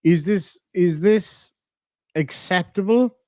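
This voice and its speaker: A man hosts a livestream in easy, profane chat, reading out donations and spinning jokey stories. His voice sits a bit high for a man and sounds dry and close to the mic. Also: lively intonation, moderate pace, a little mellow, no echo. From Ireland. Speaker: livestream host.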